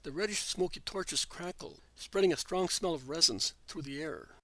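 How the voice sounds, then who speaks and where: A man giving a measured, earnest scripted narration of a religious text. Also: a little high, fairly bright tone, no echo.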